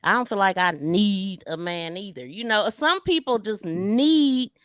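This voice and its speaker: A middle-aged woman in a casual group chat, telling personal stories in a relaxed way, laughing often. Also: mid-range voice, a little slow, no echo, studio quality.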